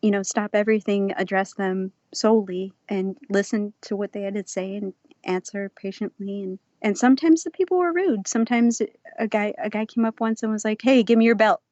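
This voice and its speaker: A woman's voice: mid-range voice, steady tone, a little fast, warm tone, dry recording. A woman guest on a podcast, chatting casually in an easygoing way and laughing often. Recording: slightly dull, lo-fi audio.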